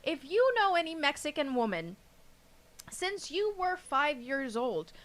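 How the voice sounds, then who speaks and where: Podcast lady ranting happily, bright voice, pitched a bit high, swears a lot. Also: a little slow. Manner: animated, emphatic, swears freely. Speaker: podcast co-host. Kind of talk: casual podcast chat.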